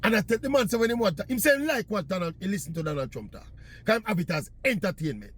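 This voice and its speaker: A man's voice: high-pitched, sing-song, fast, a bit bright. A man from Jamaica with a Jamaican accent, chatting in patois as he tells a casual story. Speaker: vlogger.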